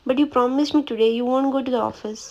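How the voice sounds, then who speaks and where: A woman's voice: sits high, steady tone, racing, a little mellow, lo-fi sound. A woman reading a story aloud, voicing a clingy, stubborn young pregnant husband who whines and pleads. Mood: whiny. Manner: whiny, pleading.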